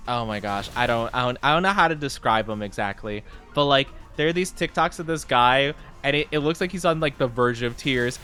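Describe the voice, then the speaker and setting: A young man chatting casually on a live stream, rambling and self-deprecating, often jumping into high squeals. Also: a little fast, hardly any pauses, pushed and bright, soft background music.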